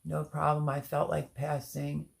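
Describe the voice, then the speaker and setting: A woman with a gravelly, slightly low voice hosts a casual live stream. She chats easily, greeting viewers by name and reading their comments aloud. Her delivery is relaxed and talkative. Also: measured pace. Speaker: livestream host.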